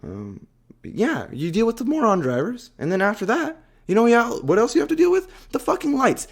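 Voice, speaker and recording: A man hosting a casual podcast, ranting in a profane, animated way and laughing often. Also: extremely high pitch, normal speed, creaky. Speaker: podcast host. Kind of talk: casual solo rant.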